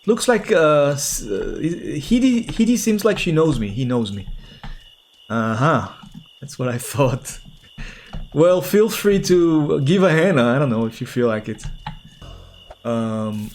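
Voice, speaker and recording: A man's voice: on the high side, big pitch swings, takes it slowly, a little mellow, a little hiss or hum. A man streaming a game, talking casually and playfully as he reacts to what happens. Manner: chatty and playful, reacting aloud as he plays. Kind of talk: casual gameplay commentary.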